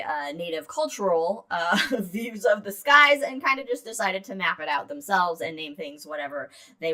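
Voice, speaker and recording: A woman's voice: medium pitch, pushed and bright. A woman co-hosting a podcast in casual chat, rambling and playful, with some swearing. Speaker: podcast co-host.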